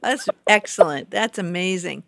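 A woman's voice: lowish voice, moderate pace, gravelly, dry recording, studio quality. An American woman hosting a talk show, effusive and full of exclamations as she interviews her guest. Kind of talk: casual interview.

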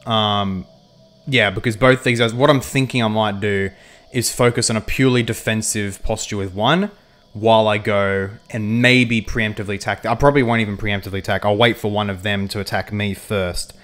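A man's voice: on the low side, steady tone, normal speed, fairly bright tone. A man casually talking through a strategy game on a livestream, thinking aloud with frequent ums and reading chat messages aloud. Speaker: livestream gamer.

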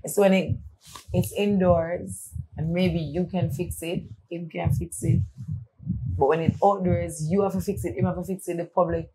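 A woman's voice: fairly low pitch, fairly even intonation, normal speed, warm tone, a little hiss or hum, rough recording. A woman with a Jamaican accent chatting casually on a podcast, speaking earnestly and insistently in patois. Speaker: podcast co-host. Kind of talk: casual chat.

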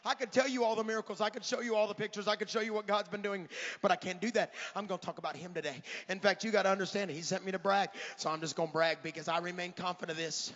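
Middle-aged man, evangelist, fiery revival sermon, shouting, high voice, bright sharp tone, long church hall reverb, dull lo-fi sound. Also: steady tone, fast talker. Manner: fiery, shouts and counts down praise. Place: large church sanctuary at a conference.

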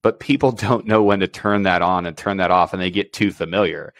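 A man's voice: deep voice, a little fast, dry recording. A man co-hosting a podcast as a special warfare operations superintendent, talking bluntly and acting out quoted exchanges. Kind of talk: casual podcast chat.

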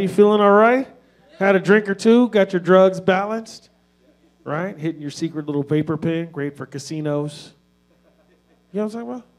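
Upbeat male headliner working the crowd. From Sacramento, California. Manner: upbeat crowd work, talks about being high. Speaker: headlining stand-up comedian. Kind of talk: stand-up set. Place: comedy club stage.

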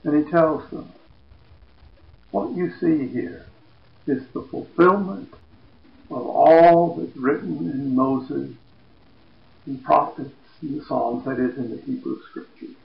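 A man retelling a Bible story as a lesson, in a plain storytelling voice that goes quiet for quoted speech. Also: on the high side, slow, gravelly, long pauses. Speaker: Bible teacher. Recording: echoey, dull lo-fi room.

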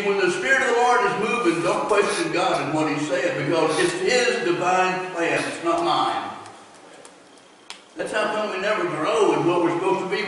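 Pastor, male, folksy rural storyteller, high voice, heard from afar in a booming church hall. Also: a bit bright, a little hiss or hum. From United States. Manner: laughs while telling stories. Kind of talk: revival sermon. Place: church sanctuary. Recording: echoey church hall from far off.

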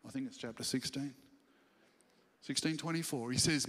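A man preaching a sermon as senior pastor, animated and questioning the congregation, acting out scripture stories. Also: medium pitch, moderate pace. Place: church hall. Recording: church livestream with long hall reverb.

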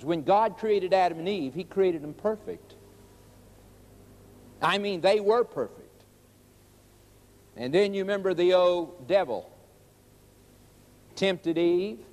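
Male preacher, high-pitched, emphatic and repetitive, in a long-reverb hall. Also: a little mellow. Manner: emphatic and repetitive, stretching key words slowly. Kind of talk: sermon.

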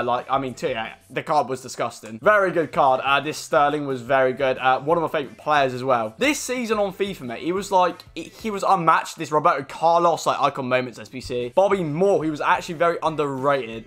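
A young man with a British accent giving chatty, slangy gameplay commentary for viewers. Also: on the high side. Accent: British English. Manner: chatty, slangy, excitable, addresses viewers as lads. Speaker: gaming YouTuber.

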